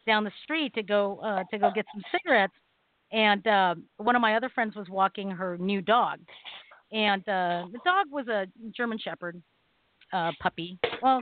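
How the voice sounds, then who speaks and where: A woman co-hosting a talk radio show, telling a story in a casual, animated way and acting out the people in it. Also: medium pitch, a little hiss or hum. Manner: animated storytelling, acts out quoted voices. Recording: dry phone-line audio.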